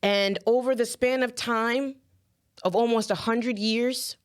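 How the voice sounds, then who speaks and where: A woman's voice: a little high, fairly even intonation, slow pace, clean tone. A woman giving impassioned commentary straight to her viewers, earnest and close to tears, repeating herself as she speaks. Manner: earnest, emotional, addresses viewers directly, repeats phrases. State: holding back tears.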